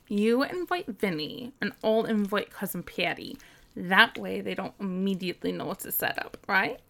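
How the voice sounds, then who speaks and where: A woman's voice: mid-range voice, lively intonation, normal speed, vocal fry, fairly bright tone. A woman acting out a teasing, bossy young woman in a scripted audio role-play, giggling and scolding in mock disgust.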